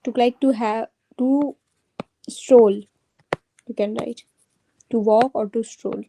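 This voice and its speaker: A woman's voice: on the high side, steady tone, slow, dark tone, slight background noise, rough recording. A woman teaching a French grammar lesson to a student, patiently repeating each conjugation aloud.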